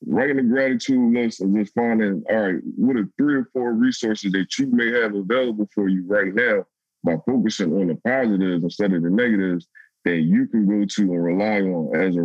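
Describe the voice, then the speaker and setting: Low voiced coach guy giving earnest advice, dry and a bit dull. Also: normal speed, darkish tone, dry recording. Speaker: youth coach on a podcast panel.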